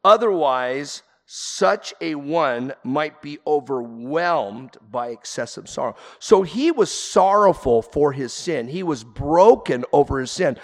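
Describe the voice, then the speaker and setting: Gravelly-voiced preacher man in a reverberant hall. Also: fairly high pitch, lively intonation, takes it slowly, few pauses. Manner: earnest preaching, rising to emphatic peaks. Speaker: pastor. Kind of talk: sermon.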